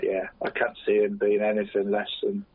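A man's voice: fairly low pitch, monotone, moderate pace, breathy edge. Chatty man who keeps saying "mate". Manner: says "mate" constantly, rambling. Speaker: podcast co-host. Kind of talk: casual chat. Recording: dry, tinny phone-like line.

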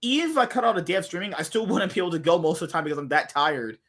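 A man with a husky, slightly rough voice talks in casual podcast banter. His pitch swings up and down freely as he rambles and jokes, swearing and stumbling over restarts. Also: animated, very fast, fairly bright tone. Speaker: podcast host and streamer.

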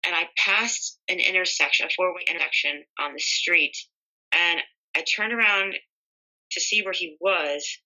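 Middle-aged woman, interviewee; bright, piercing tone, emotional first-person storytelling. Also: fairly low pitch, normal speed, poor audio. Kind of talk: personal testimony.

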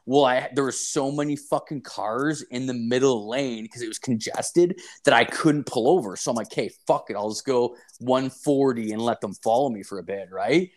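A young man retells a story in loose, profane chat, leaning on fillers and swearing at every turn. His voice sits in an ordinary middle pitch. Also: moderate pace, hardly any pauses. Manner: crude, swearing constantly, filler-heavy, animated retelling.

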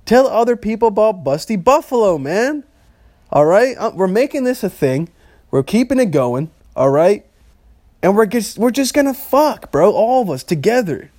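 A young man with a high, sing-song voice hosts a casual solo podcast rant at a moderate pace. The sound is a little mellow and studio quality with no room sound, and he rambles, swears freely, and laughs at his own jokes.

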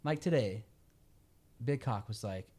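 A young man tells easygoing, self-deprecating anecdotes among friends on a casual podcast. His pitch swings widely as he slips into quoted asides. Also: lively intonation, unhurried, warm tone. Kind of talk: casual banter.

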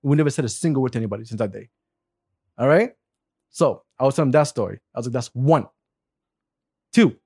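A man in his forties from Saudi Arabia telling a story in casual chat, animated, laughing often and swearing freely. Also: mid-range voice, a little fast, vocal fry, long pauses, breathy edge, dry recording, studio quality. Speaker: guest.

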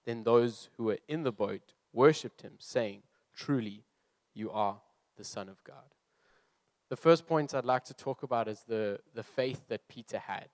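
A man's voice: mid-range voice, measured pace, darkish tone, no echo. A young man who is a youth leader, preaching earnestly and reading scripture aloud before explaining his points. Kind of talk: sermon.

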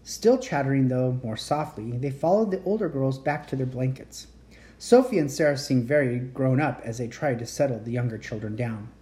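A woman reads a children's chapter book aloud with gentle, unhurried storytelling. Her voice sits low with a dark, mellow tone. She moves it up and down expressively. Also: animated. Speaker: reader.

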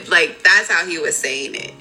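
A young woman chats casually as a podcast co-host, her voice bright and forward. She laughs often and talks in an animated, expressive way, with faint music underneath. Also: lowish voice, a little slow, poor audio. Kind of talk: casual chat.

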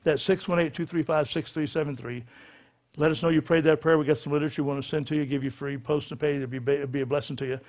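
Fervent pastor leading a church prayer. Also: male voice, on the high side, fairly even intonation, quick pace, a little mellow. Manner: fervent, repetitive preaching cadence. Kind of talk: altar call and sinner's prayer. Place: church service.

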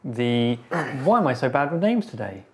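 A man's voice: medium pitch, sing-song, normal speed, a little mellow. A man speaking in character as a player in a tabletop game, polite and a little hesitant.

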